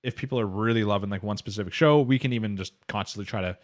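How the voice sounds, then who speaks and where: This lowish, rapid-fire male voice belongs to a co-host of a casual anime podcast. He rambles through a recap of an episode, packing it with fillers and quoted lines.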